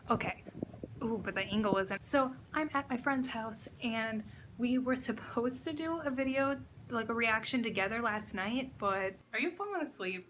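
A young woman filming a casual reaction vlog indoors at a friend's house, excitable and gushing and swearing freely. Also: a little high, noisy background. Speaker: reaction vlogger.

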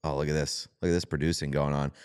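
A man with a low, smooth voice co-hosts a casual podcast. His delivery is dry and laid-back, full of easy banter. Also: level tone, quick pace, a little mellow. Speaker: podcast co-host. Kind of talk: casual chat.

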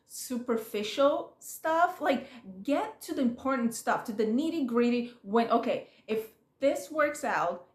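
A chatty woman with a fairly high voice talks straight to her viewers in a gossipy, casual way. She jumps into quick impressions of other people. The room around her rings with echo. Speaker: recap vlogger. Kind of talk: casual chat.

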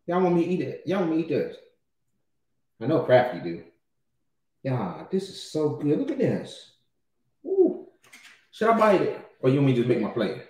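A man's voice: a little high, huge pitch swings, moderate pace, pauses often, darkish tone, echoey room. A man co-hosting a casual cooking livestream, who exclaims often and talks to viewers as y'all. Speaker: livestream co-host cooking ribs. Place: home kitchen.

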